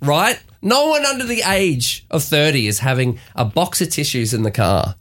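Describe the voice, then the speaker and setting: A man's voice: fairly high pitch, big pitch swings, normal speed, fairly bright tone. Joking Australian man in his forties. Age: 40s. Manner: joking, self-mocking, laughs often. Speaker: podcast co-host. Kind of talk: casual chat.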